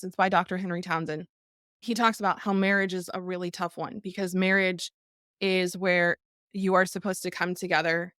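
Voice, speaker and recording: A woman's voice: lowish voice, fairly bright tone, no room sound, clean studio sound. A middle-aged woman hosting a podcast, speaking earnestly and tearfully in a reflective live talk, repeating phrases for emphasis. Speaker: podcast host.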